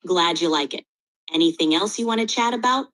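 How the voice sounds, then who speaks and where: AI chatbot woman voice, smooth and even, low-ish, close and dry. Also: fairly quick, dry recording. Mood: calm. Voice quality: smooth, polished delivery. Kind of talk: assistant reply.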